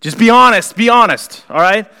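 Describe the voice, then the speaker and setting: A man preaching a conversational sermon in a church, animated and acting out the people in the story. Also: high voice, moderate pace, smooth. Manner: animated, conversational, acts out the characters. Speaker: pastor. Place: church sanctuary.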